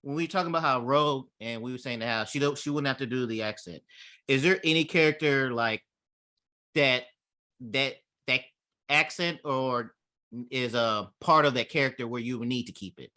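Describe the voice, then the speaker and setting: Man with a bright edgy voice, halting, lots of restarts, asking questions. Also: mid-range voice. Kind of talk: casual chat.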